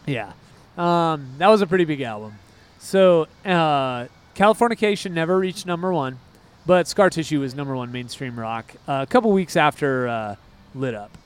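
A man co-hosting a music podcast in casual chat. He talks in a rambling, excitable way and drifts off on tangents. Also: fairly high pitch, normal speed, clean tone. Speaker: podcast co-host.

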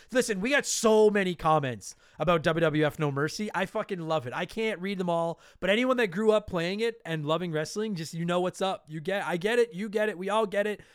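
A man hosting a casual podcast, excitable and swearing freely into a close mic. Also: high-pitched, smooth, no room sound. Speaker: podcast host.

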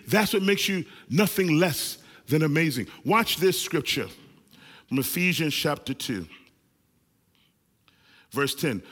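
A man in his forties preaching a lively sermon, calling on the congregation to shout responses. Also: medium pitch, moderate pace, in a large hall. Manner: animated, calls for congregation responses. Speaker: pastor.

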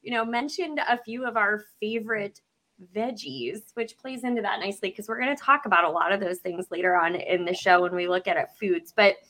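A woman's voice: mid-range voice, brisk, fairly bright tone. A woman co-hosting a podcast in a casual, upbeat chat and steering the conversation. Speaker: podcast co-host.

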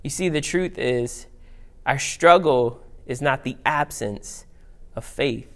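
A man preaching a sermon in an animated, conversational way, reading scripture aloud. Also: mid-range voice, slow pace. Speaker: pastor.

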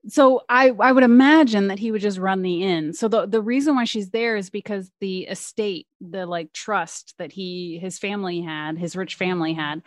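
A woman's voice: medium pitch, moderate pace, hardly any pauses, dry recording. Young woman telling a story, close dry mic. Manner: animated storytelling with acted-out quotes. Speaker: podcast co-host. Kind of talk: casual chat.

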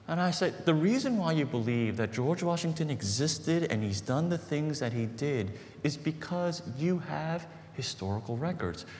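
A man preaching as a pastor, telling a story in an earnest, conversational way and building to emphatic points. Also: fairly high pitch. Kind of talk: sermon storytelling. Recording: long hall reverb, faint background noise.

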